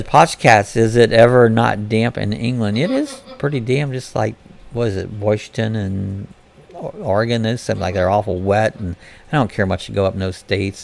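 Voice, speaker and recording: A man's voice: fairly low pitch, creaky. A man from Florida hosting a casual live-stream chat, reading viewers' comments aloud and answering them in a chatty way.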